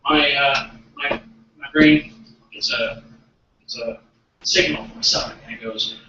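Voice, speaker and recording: A man's voice: mid-range voice, fairly even intonation, a little slow, sharp tone, slight background noise. A man telling awkward, self-deprecating stories in a stand-up routine, acting out what people said. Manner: self-deprecating, awkward storytelling with acted-out quotes. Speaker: stand-up comedian. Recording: echoey, dull recording from a distant mic.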